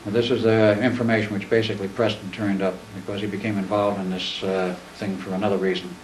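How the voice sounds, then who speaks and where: An older man talks in a low, folksy storytelling voice, plain-spoken and unhurried in his phrasing. He is picked up from well back, so the room rings around him and a faint hiss sits under it all. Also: level tone. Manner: plain-spoken, folksy, mimics others in quotes. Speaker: speaker. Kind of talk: storytelling talk to an audience. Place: presentation room. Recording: echoey room, distant mic, faint noise.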